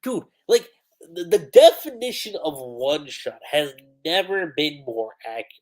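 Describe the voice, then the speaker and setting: A man giving casual, excitable commentary on a manga chapter during a livestream. He talks with lots of "like" fillers. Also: a little high, a little slow. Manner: excitable, animated, full of "like" fillers, breaks into laughter.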